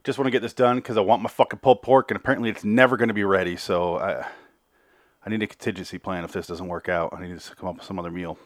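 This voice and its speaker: Podcast host, male, lowish voice, dry close sound, rambling and profane. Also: fairly even intonation, fast talker, dry recording. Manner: rambling, profane, self-interrupting. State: slightly out of breath. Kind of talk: casual episode recap.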